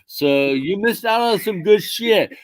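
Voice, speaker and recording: A drunk man hosting a livestream, loud and profane, laughing with his callers. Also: high-pitched, animated, unhurried. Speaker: host. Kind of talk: livestream chat.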